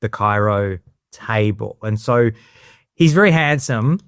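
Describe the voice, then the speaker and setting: A man's voice: fairly low pitch, lively intonation, slow pace, fairly bright tone, clean tone, no room sound, clean studio sound. A man co-hosting a podcast, chatting casually and animatedly, often acting out other people in silly voices. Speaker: podcast co-host. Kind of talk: casual comedic chat.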